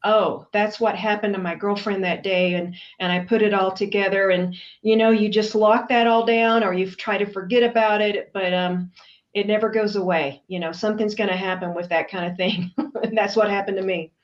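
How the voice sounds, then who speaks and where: A woman's voice: medium pitch, steady tone, normal speed, highs cut off. A middle-aged woman from Texas, speaking earnestly and emphatically as an interview guest. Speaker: guest, anti-trafficking advocate.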